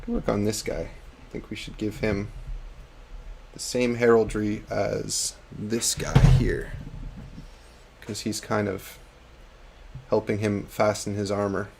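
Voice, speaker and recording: A man's voice: lowish voice, level tone, slow pace, creaky, long pauses, noisy background. A man hosting a live hobby-painting stream, chatting casually and laughing at himself. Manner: chatty, self-deprecating, laughs often. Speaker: host.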